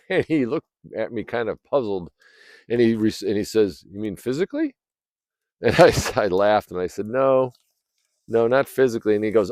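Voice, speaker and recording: A man telling a personal story in a rambling, casual way, clearing his throat often, recorded outdoors by a fire. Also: fairly low pitch, animated, moderate pace, darkish tone, no echo. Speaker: vlogger.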